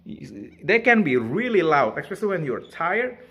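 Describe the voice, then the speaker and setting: Chatty man with a bright voice. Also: on the high side, very animated, moderate pace. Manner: chatty, laughs often, coos at his bird. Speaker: pet bird owner vlogger. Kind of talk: casual talk to camera.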